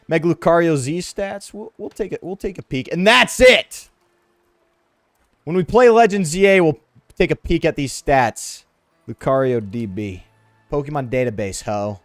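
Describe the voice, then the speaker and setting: A man streaming a game, chatting casually in an animated, slangy, ranting way. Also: a little high, a little slow, no room sound, faint music behind. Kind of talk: casual live-stream chat while gaming.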